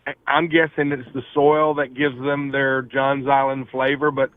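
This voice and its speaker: A man's voice: medium pitch, flat delivery, moderate pace, no room sound. Male caller, friendly; tinny phone line, dry. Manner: friendly, chatty. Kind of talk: phone call-in chat.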